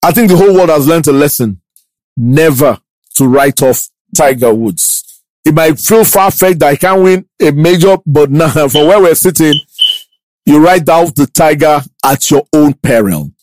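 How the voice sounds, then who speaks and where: A man hosting a sports podcast, talking casually and playfully, putting quick animated questions to his co-hosts. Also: fairly high pitch, no room sound, low-quality recording. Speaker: podcast host.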